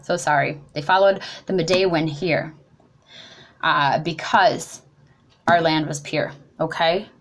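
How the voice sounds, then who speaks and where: A young woman speaks at a protest talk, delivering an impassioned speech in a low, steady voice at a measured pace. When upset, her voice rises and grows loud, and she often trips over words and apologizes.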